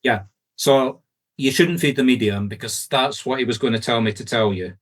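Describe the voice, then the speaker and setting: A man with a Scottish accent working as a medium, giving fast, insistent, reassuring readings to a group over a video call. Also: mid-range voice. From Scotland.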